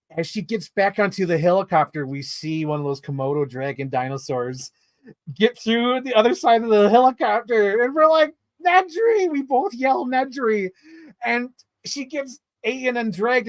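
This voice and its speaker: A man giving a casual, animated movie review as a story, swearing freely and getting excited. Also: high voice, no room sound.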